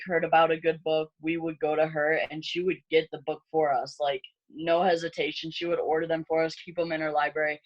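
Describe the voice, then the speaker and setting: A young woman in her late teens, a high school senior, chatting casually with a classmate and using many "like" fillers. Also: lo-fi sound. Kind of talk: casual chat between classmates.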